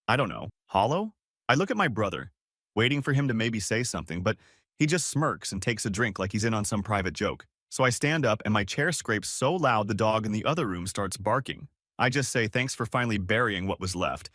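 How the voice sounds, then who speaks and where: A man's voice: on the low side, fairly bright tone, no echo, studio quality. A man in his thirties reading a forum post aloud as a casual, confessional story. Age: 30s. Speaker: story narrator.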